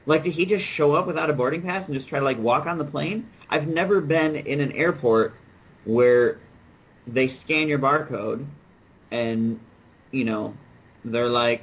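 A man's voice: mid-range voice, a little slow, slightly rough, rough recording. A man co-hosting a casual podcast chat, joking and incredulous in his banter. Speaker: podcast co-host.

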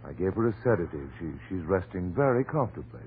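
Casting: a steady doctor in an old radio play, lowish voice with lively inflection, tinny radio sound. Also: male voice. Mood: soothing. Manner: soothing, firm, measured. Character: calm reassuring male doctor. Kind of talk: 1940s radio acting. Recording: tinny old radio recording, faint hiss.

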